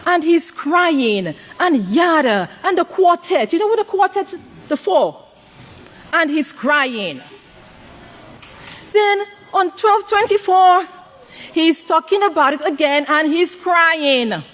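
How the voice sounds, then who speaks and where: A woman's voice: expressive, slow, a bit bright. A woman preaching a sermon, putting questions to the congregation and asking them to call out their answers. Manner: varies pitch widely for emphasis.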